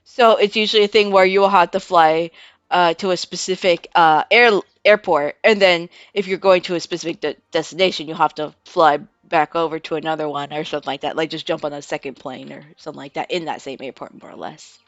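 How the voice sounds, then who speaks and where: A woman from the United States chatting casually on a live stream, full of "like" and "um", breaking into excited squeals, laughs and swearing. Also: low voice, fairly quick, no room sound, highs cut off. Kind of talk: casual live-stream chat and trailer reaction.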